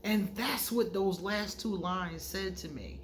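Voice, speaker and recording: A woman's voice: mid-range voice, slow pace. Woman tarot reader for a vlog, chatty and frank, tells stories with energy, mid-range voice, light room noise behind. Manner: animated storyteller who acts out quoted dialogue; frank and conversational, addresses viewers directly. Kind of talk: casual vlog monologue.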